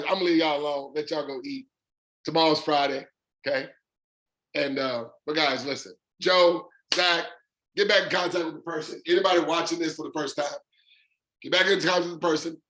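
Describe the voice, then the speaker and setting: Fired-up man, high voice. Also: a bit bright, reverberant, poor audio. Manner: fired-up, emphatic, drawn-out stresses. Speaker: presenter of an online income demonstration. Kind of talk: excited sales pitch.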